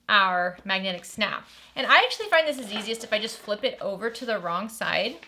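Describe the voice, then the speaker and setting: A woman's voice: mid-range voice, bright, forceful tone. A woman hosting a step-by-step sewing tutorial, upbeat and chatty as she walks through each stage and enthuses over the bag.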